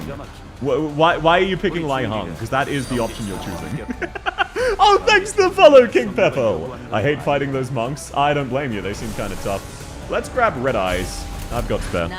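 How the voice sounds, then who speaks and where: A young man streaming a game, chatting casually with viewers, joking and swearing as he plays. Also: medium pitch. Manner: joking, swearing, reacting to chat. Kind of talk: casual livestream chat while playing.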